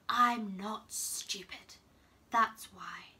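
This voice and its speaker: A woman whispering as a husky, menacing teenage boy. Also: mid-range voice, very slow, pushed and bright, full character voice. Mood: scornful.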